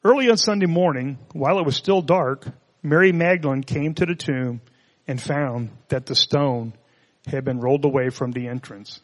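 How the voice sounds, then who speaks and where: A man's voice: mid-range voice, normal speed, in a large hall. A man preaching a sermon, reading scripture and adding conversational, joking asides. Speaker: pastor.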